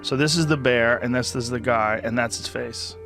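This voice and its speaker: A man's voice: medium pitch, normal speed, music in the background. Man telling stories with blunt, profane emphasis. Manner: animated, profane storytelling. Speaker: podcast host. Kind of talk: casual chat.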